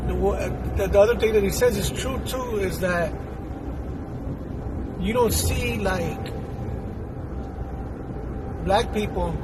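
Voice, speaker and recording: Over traffic noise, a high-voiced man from Houston, Texas reacts to a clip as a YouTuber. His casual spoken commentary is blunt and streetwise, and he rambles and repeats himself.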